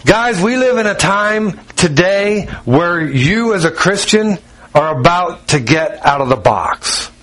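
A man's voice: sits high, expressive, takes it slowly, a bit bright, poor audio. A man preaching a sermon in a conversational style, with asides and jokes to the congregation. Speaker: pastor.

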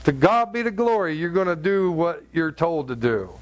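Male pastor, middle-aged, slightly high voice, lively story-driven sermon with sound effects. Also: moderate pace.

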